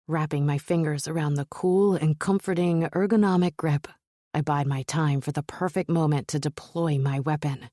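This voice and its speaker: A woman narrating a romance novel in first person, in a measured, steady storytelling manner. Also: low voice, no room sound, clean studio sound. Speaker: audiobook narrator.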